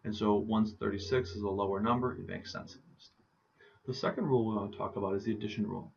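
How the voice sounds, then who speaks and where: Male biology lecturer, low husky voice, conversational with fillers, lo-fi lecture recording. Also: steady tone, fast talker. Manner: conversational, rhetorical questions, frequent fillers. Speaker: biology teacher.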